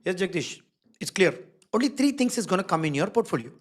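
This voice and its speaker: This design instructor, a man, runs a live online workshop in a high-pitched, very animated voice and talks fast. He's emphatic, leaning on key words, repeating them, and checking in with his audience again and again.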